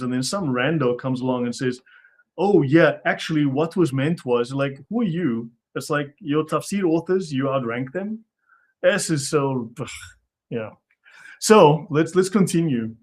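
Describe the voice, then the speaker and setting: Male host, slightly high voice, sarcastic, exasperated, quick casual chat. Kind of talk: casual online show chat.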